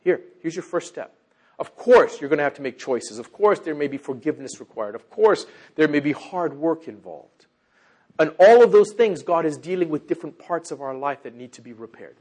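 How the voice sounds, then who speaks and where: Animated husky-voiced male preacher. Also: normal speed. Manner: animated preaching, swinging from loud emphasis to hushed low tones. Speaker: pastor. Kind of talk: sermon.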